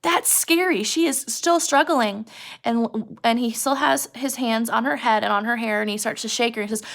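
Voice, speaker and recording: Teacher, female, gravelly voice, pitched a little high, chatty classroom retelling of a chapter with acted-out dialogue. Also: normal speed, fairly bright tone. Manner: casual, chatty retelling that acts out lines of dialogue. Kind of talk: retelling a novel chapter to students.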